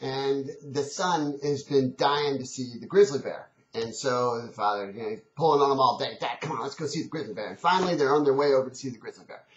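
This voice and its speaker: A man's voice: medium pitch, a little fast, hardly any pauses. A man giving an earnest, conversational motivational talk, telling a story and urging change. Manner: earnest and conversational, many restarts. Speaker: motivational speaker. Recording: dull, echoey old recording.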